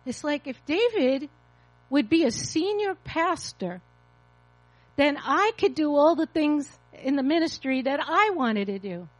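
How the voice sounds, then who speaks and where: A woman's voice: high voice, lively intonation, unhurried, dry recording, rough recording. A woman in her fifties, a pastor, preaching an emotional, confessional testimony. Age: 50s. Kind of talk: sermon testimony.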